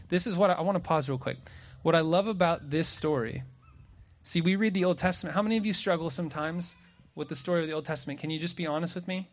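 Guy preaching outside at sundown, fairly high voice, jokey, keeps asking the crowd stuff. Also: quick pace. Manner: lively, joking, asks the crowd questions. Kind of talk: sermon. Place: outdoor gathering at sunset.

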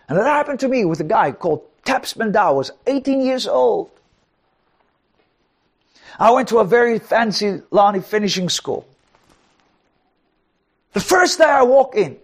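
A middle-aged man from South Africa preaching with a high, husky voice. He swings widely between hushed, breathy whispers and loud, emphatic declarations. His delivery is a sermon that leans hard on dramatic contrast.

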